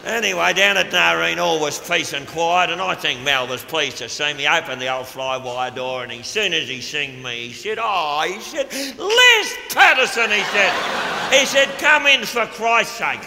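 A man's voice: fairly high pitch, moderate pace, vocal fry, roomy sound, big-room sound, background noise. A man playing a crude, boozy middle-aged Australian official in a live stand-up monologue, with a brash, gleeful drawl and an Australian accent. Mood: boorish. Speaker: stage comedian in character. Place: stage before a live audience. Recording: live theater recording with audience.

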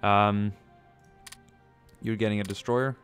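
A man's voice: on the low side, level tone, slow pace, over music. Chatty man narrating gameplay. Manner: chatty, many ums, jokey asides. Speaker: let's play gamer. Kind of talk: casual gameplay commentary.

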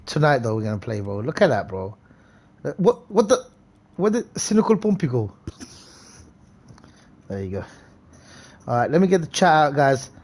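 A young man live-streaming a game, chatting casually and hyping up viewers by name in quick, slangy bursts. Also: mid-range voice, very animated, a little mellow.

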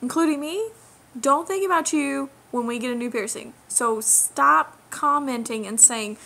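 Young woman ranting into her camera, kinda high voice, repeats stuff for emphasis, bit of faint background hiss. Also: measured pace, vocal fry, pushed and bright. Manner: indignant, emphatic, lecturing, repeats key phrases. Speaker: vlogger. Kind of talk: direct-to-camera rant.

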